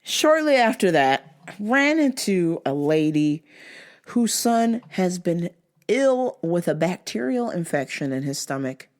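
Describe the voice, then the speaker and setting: A young adult woman hosting a vlog, telling a story in a blunt, profane, animated way. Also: lowish voice, measured pace. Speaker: vlog host. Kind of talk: casual storytelling monologue.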